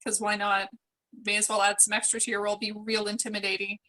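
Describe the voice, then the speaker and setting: A woman's voice: mid-range voice, monotone, fast talker, bright, forceful tone, low-quality recording. A woman playing in a tabletop game, chatting casually and laughing often. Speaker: player.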